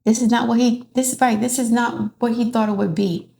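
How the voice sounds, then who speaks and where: A woman's voice: fairly high pitch, fairly even intonation, brisk, vocal fry, dark tone, slight background noise. A woman giving a casual tarot reading in a rambling way, restarting often. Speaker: tarot reader.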